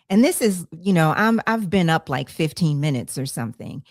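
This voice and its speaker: A low-pitched woman hosting a podcast, chatting over a video call. She rambles, circling back with fillers and restarts. The sound is dry and close. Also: expressive, moderate pace, few pauses, darkish tone, dry recording. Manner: rambling, with many fillers and self-corrections. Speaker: podcast host. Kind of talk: casual conversation.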